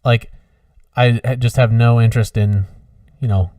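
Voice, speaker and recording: A man's voice: medium pitch, steady tone, moderate pace, mellow, dry recording. A man co-hosting a podcast, telling a story in rambling casual chat with lots of fillers. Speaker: podcast co-host. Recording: dry, distant from mic.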